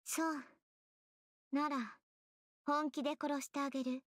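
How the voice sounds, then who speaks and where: An actress voicing a small, cold and cruel girl mage who calmly threatens and gives orders, in game voice acting. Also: sits high, normal speed, no echo, clean studio sound. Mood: coldly threatening. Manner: sweetly menacing, giving orders.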